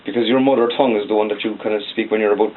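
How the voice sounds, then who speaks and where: A Cork man in his forties, a singer-songwriter, rambles at length in a casual interview in the back office of a record shop, ending phrases with "like." His fairly low voice races along with fairly even intonation. The audio is narrow and tinny, with slight background noise.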